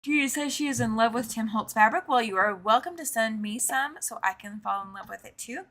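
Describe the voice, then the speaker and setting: A chatty woman hosts a live-stream with a bright, slightly tense voice pitched a little high. She reads viewer comments aloud, laughs easily, and often trails off or repeats a phrase as she talks. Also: a little fast. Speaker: host of a live quilting show. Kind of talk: casual live-stream chat.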